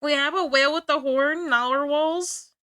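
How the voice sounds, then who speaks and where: Playful high-pitched woman streamer. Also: lively intonation, moderate pace, bright, forceful tone, dry recording, studio quality. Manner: playful mock-angry banter with frequent laughs. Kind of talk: casual livestream chat.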